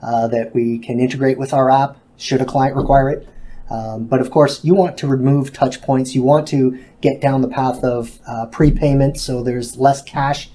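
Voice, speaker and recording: A man with a warm, mellow voice explains ideas to an interviewer. He talks casually and steadily, with occasional fillers along the way. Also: medium pitch, steady tone, moderate pace. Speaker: hospitality business guest. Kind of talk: video interview answers.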